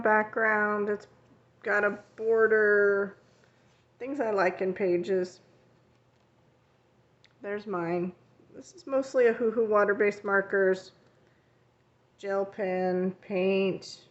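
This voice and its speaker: Woman, art teacher, casual vlog chat, rambling with self-corrections, mid-pitched voice, slightly muffled audio. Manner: chatty and rambling, with frequent fillers and self-corrections. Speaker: coloring channel host. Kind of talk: casual show-and-tell vlog.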